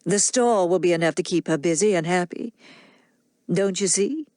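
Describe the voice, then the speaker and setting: A woman voicing a smooth, crafty grown man who coaxes and persuades without hurrying. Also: fairly low pitch, moderate pace, dark tone, no echo, close to an everyday voice. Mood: persuasive.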